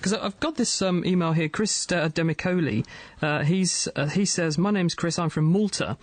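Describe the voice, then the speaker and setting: A man with an English accent hosting a live radio science show, chatting briskly and reading out listener emails. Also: fairly high pitch.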